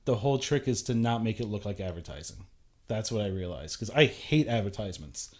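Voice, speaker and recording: A young man talking casually as a talk show guest, chatty and loose, full of "like" fillers and quick restarts. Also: on the low side, animated, a little mellow. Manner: chatty, many "like" fillers and restarts, laughs easily.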